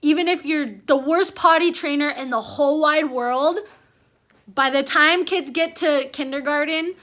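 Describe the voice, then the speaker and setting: A young mother talks straight to her camera at home, rambling from one thought to the next. Her voice sits high and sounds bright and clear. She comes across as chatty and openly emotional. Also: a little slow. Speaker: mom vlogger. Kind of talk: casual chat to camera.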